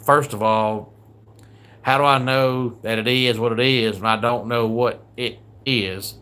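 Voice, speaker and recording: A man's voice: mid-range voice, steady tone, a little slow, sharp tone, smooth. A man with a Southern US accent, hosting a live stream, chatting casually and grumbling through a countdown while greeting viewers from the comments. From American South. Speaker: livestream host. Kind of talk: casual livestream countdown chat.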